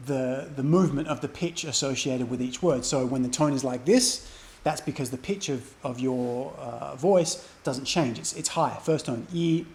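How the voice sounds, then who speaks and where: A man's voice: medium pitch, a little mellow. A man teaching a beginner language lesson, explaining step by step and saying example sounds aloud. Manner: patient, demonstrates sounds aloud.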